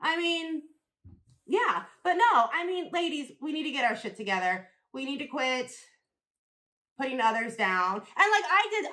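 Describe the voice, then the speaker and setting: A woman's voice: high voice, a bit bright. A woman comedian and podcast host delivering a rambling, profane, provocative stand-up rant.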